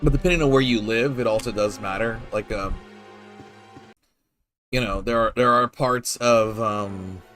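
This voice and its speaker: A man's voice: on the low side, measured pace, long pauses, a bit bright, soft background music. A man casually commenting while playing a video game, rambling and laid-back with lots of fillers and the odd swear word. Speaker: gameplay streamer.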